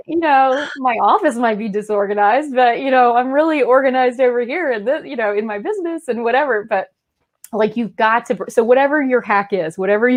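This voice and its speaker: A woman in her thirties co-hosting a podcast in casual chat, talking freely and laughing often. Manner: chatty, laughs often, puts on squeaky voices to make a point. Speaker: podcast co-host.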